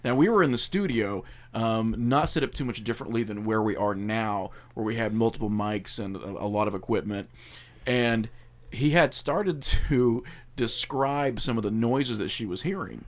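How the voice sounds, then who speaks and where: A man's voice: lowish voice, normal speed. A man hosting a podcast, telling his own eerie studio story in a loose, rambling way. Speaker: podcast host. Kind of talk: casual chat.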